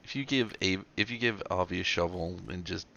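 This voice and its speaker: A man's voice: deep voice, fairly quick, gravelly, bright, forceful tone, highs cut off, a little hiss or hum. A man chatting casually in a roleplay game stream, joking around and sometimes slipping into mock accents. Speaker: streamer playing a public defender.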